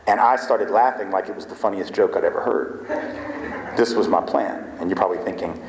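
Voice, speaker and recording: A man's voice: deep voice, normal speed, a crowd in the background. A man giving a talk to a live audience, telling a story animatedly, acting out bits of dialogue and often checking in with "right?". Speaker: guest speaker. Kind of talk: storytelling lecture. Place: lecture hall. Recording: echoey hall with long reverb.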